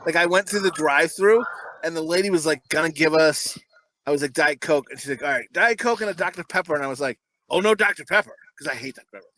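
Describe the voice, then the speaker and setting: A man's voice: a little high, quick pace, bright, forceful tone, no room sound, low-quality recording. A man in his thirties co-hosting a podcast, telling crude stories in a rambling way, full of fillers. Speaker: podcast co-host. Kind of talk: casual podcast banter.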